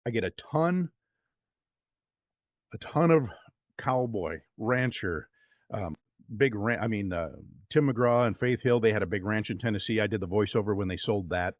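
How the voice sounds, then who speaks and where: A voice-over artist talking casually in an interview, upbeat and rambling with plenty of fillers. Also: male voice, lowish voice, normal speed, no room sound, dull audio.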